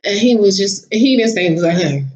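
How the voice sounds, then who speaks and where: A woman's voice: medium pitch, quick pace. Chatty woman vlogger, slightly lo-fi. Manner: chatty, animated, laughs while telling stories. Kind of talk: casual storytelling vlog. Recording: slightly dull lo-fi audio.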